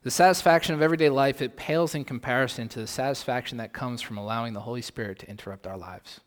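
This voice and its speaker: A male pastor delivering a sermon, posing rhetorical questions and swinging from loud emphasis to soft asides, in a long hall reverb. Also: mid-range voice, quick pace.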